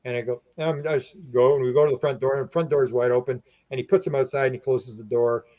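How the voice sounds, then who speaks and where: Male podcast guest, mid-pitched, lively storyteller who stumbles and repeats himself. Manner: animated, acts out quoted speech with raised voice; halting, frequent restarts and repeated words. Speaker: podcast guest, UFO researcher. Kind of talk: casual storytelling.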